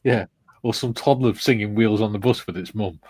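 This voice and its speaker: A man's voice: on the low side, moderate pace, a little mellow, husky, no echo. A man hosting a casual hobby livestream, reading viewer comments aloud and chuckling often. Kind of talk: casual group chat on a modelling stream.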